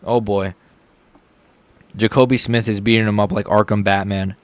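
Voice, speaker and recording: A young man streaming a live reaction to fights, chatting casually and getting loud and excited when something big happens. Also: moderate pace, no room sound. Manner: casual, excitable, shouts with rising pitch at big moments.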